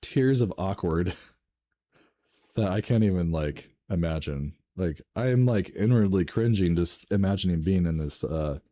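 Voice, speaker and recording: A man reading online stories aloud and reacting with laughs, swearing and sudden jumps in pitch. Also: animated, a little slow, mellow. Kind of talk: casual reading and commentary.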